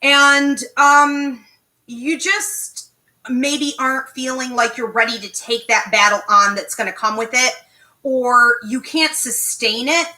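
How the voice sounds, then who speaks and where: A woman with a fairly high, bright, forceful voice leads a live online class. She speaks directly and emphatically and keeps checking in with her listeners. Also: takes it slowly, rough recording. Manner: direct, emphatic, frequent "okay?" check-ins. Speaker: psychic medium teaching an online class.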